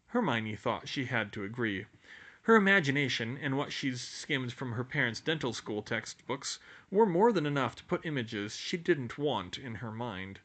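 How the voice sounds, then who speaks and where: A man's voice: mid-range voice, normal speed. Een man die een luisterboek voorleest, levendig en expressief, heldere stem. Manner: lively, expressive reading. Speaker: audiobook reader. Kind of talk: audiobook narration.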